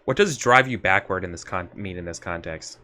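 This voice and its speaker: A man's voice: sits low, fairly quick, bright, forceful tone. A man playing a tabletop role-playing game, talking casually with many fillers and restarts. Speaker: player.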